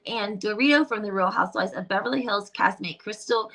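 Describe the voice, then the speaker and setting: A woman hosts a casual celebrity gossip chat in a lighthearted, chatty way, tossing in playful asides. Her voice is bright and forward, with a gravelly fry running through it. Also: medium pitch, fairly quick. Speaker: host.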